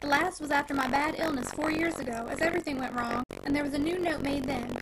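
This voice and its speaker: A woman's voice: high-pitched, fast talker, lightly acted. Woman reading as a tearful, pleading farm wife. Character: distraught poor farm wife, middle-aged aunt. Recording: noisy home recording.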